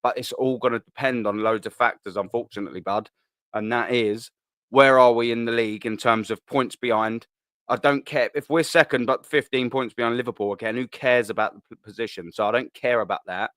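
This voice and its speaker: A man's voice: mid-range voice, brisk, fairly bright tone, dry recording, clean studio sound. A young man hosting a live fan show, chatting casually through viewer comments, bantering, repeating himself and laughing often.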